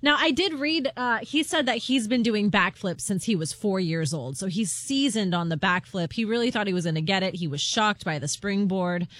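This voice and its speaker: Female radio co-host, conversational, slightly high pitch. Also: a bit bright. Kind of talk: casual radio talk.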